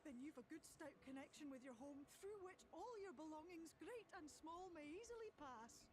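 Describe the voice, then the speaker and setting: Playful game pixie, whimsical and high-pitched, theatrical lilt. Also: female voice, expressive, normal speed, noisy background. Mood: delighted. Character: playful, curious female pixie fairy. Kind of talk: video game voice acting.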